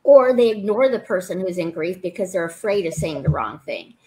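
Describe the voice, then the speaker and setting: A woman's voice: fairly low pitch, lively intonation, fairly quick, crowd noise, low-quality recording. A woman hosting a live online chat, talking in an earnest, thoughtful way and often restarting her sentences. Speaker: host.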